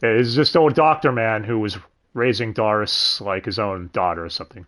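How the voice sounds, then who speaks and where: A man's voice: fairly low pitch, normal speed, a bit bright. A young man hosting a livestream, rambling casually about dubs, swearing and correcting himself as he goes. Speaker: stream host.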